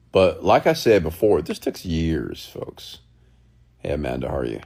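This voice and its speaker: A man coaching his live-stream audience, speaking slowly and deliberately and often checking in with them. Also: extremely low pitch, creaky, darkish tone, slightly rough. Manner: slow, deliberate speech with long pauses, often checking in with the audience; mimics fast rambling talk to show the contrast.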